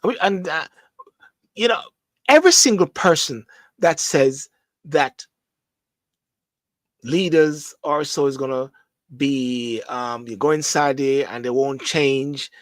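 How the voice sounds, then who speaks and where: A man's voice: mid-range voice, takes it slowly, pauses often, no echo. A man who grew up in Jamaica, with a Jamaican accent, hosting a show with a casual, rambling monologue full of restarts and repetition. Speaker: host. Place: London.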